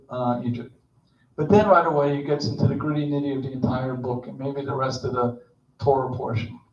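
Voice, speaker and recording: Man preaching in a casual, joking way; slightly high voice, echoey and distant. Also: dull audio, a little hiss or hum. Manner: conversational, digressive, joking asides. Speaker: speaker at Shabbat service. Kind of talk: informal sermon. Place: temple sanctuary.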